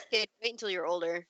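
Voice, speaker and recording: An Irish woman chatting as a podcast guest, gushing and quick to laugh. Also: medium pitch, fairly bright tone, dry recording, muffled recording. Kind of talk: casual podcast chat.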